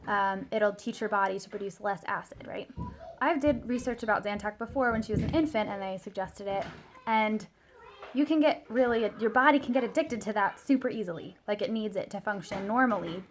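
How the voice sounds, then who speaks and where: A woman's voice: mid-range voice, fairly quick, slight background noise. A woman in her thirties, a mother telling a casual vlog story, chatty and full of fillers. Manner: chatty, lots of fillers and "like", quotes her child in a small soft voice. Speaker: mother sharing a product story.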